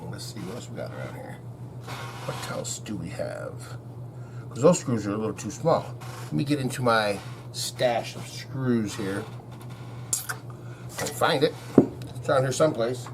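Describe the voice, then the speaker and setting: A man's voice: mid-range voice, noisy background. Easygoing folksy man in a workshop. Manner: folksy, easygoing, talks to himself and viewers as he works. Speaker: guitar repair shop owner. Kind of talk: casual workshop narration while working. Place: guitar repair workshop.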